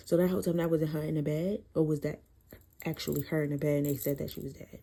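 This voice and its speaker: A woman casually reviewing a book series in a chatty, profane, animated way. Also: deep voice, quick pace, creaky, husky.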